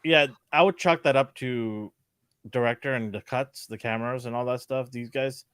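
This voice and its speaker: A man's voice: medium pitch, normal speed, a bit bright, clear, resonant tone, no echo, clean studio sound. Laughing man host reading viewer chat. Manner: laughs often, reads out viewer comments. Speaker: podcast host. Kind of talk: casual chat.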